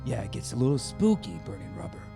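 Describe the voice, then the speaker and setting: A man playing a boastful werewolf with a growling, gravelly voice who drawls and calls people baby, in an improvised radio comedy. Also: medium pitch, very animated, fast. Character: boastful male werewolf, laid-back 1970s hipster. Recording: music playing behind. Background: music.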